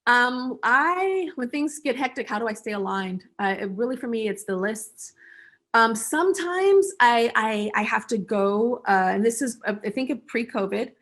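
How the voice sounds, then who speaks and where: A woman from the United States as the guest in a casual interview over a video call, talking in an animated way and breaking into little acted-out voices. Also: on the high side, moderate pace.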